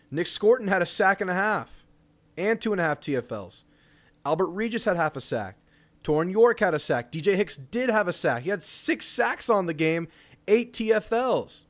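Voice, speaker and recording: A man's voice: high voice, moderate pace. A young man, hosting a live fan stream about college football, reading chat comments and reacting to a game. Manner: excitable, reads chat comments aloud. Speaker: sports talk show host.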